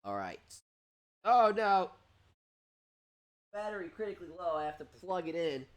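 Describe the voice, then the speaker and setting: Animated man streaming a mobile game. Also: on the high side, fast. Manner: excitable, animated and chatty, often breaking into laughter. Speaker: streamer and host. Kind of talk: live gameplay commentary reading chat.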